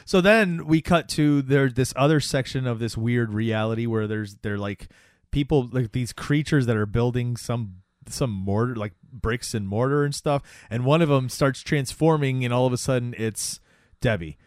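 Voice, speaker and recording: A man's voice: medium pitch, normal speed, dry recording, clean studio sound. A man chatting casually, retelling a story with frequent fillers and restarts. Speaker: co-host recapping a show. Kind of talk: casual chat.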